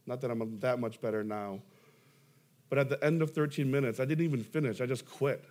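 A man's voice: medium pitch, brisk, a little mellow. A young adult man, a pastor preaching a sermon, telling stories with self-deprecating humor and emphatic rises.

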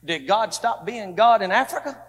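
A pastor preaching a fervent sermon in a church, repeating phrases and quoting people in dialogue. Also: male voice, high voice, expressive, moderate pace, fairly bright tone. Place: church sanctuary. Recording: echoey church hall.

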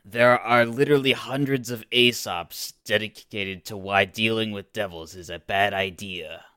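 A man's voice: lowish voice, steady tone, measured pace, bright, forceful tone, clean tone, no room sound. A man playing a tabletop game, speaking in a dry, wry way. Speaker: player. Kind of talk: casual tabletop play.

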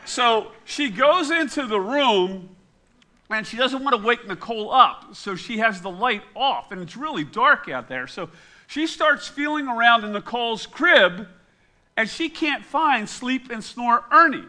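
A middle-aged pastor with an extremely high-pitched voice quizzes his congregation in an unhurried way. Along the way he tells an animated story at his own expense.

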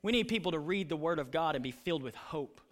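A man's voice: fairly high pitch, lively intonation, fast talker. A man preaching a sermon as pastor, telling stories and acting out lines with passion. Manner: impassioned preaching, retelling stories with voices.

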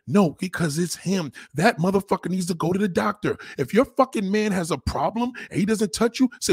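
Husky, animated man ranting bluntly. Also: high-pitched, brisk, hardly any pauses, dry recording, clean studio sound. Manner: blunt, crude and heated, addressing viewers directly. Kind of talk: profane relationship rant.

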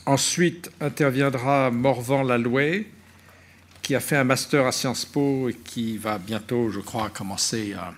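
A man's voice: medium pitch, unhurried. A man chairing a conference panel in a conference room, repeating words and restarting as he introduces the speakers.

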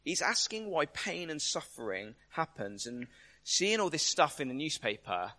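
A man's voice: a little high, very animated, moderate pace, pushed and bright. A man giving a conversational sermon, emphatic and full of rhetorical questions. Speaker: preacher.

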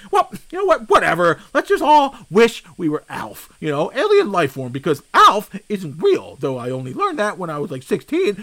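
A male podcast host with a high, bright voice rants through a comedic solo monologue. His exasperated, swearing delivery swings widely in pitch.

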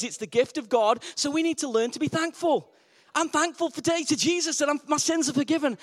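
A man preaching a lively sermon, asking the congregation questions and repeating his key words for emphasis. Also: very high-pitched. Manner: call-and-response questions, emphatic repetition.

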